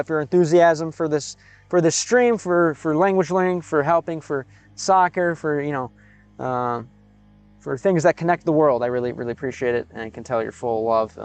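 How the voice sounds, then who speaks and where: An American man gives casual live-stream commentary in a slightly high, smooth voice with a darkish tone. He halts and repeats words as he slowly sounds out foreign phrases.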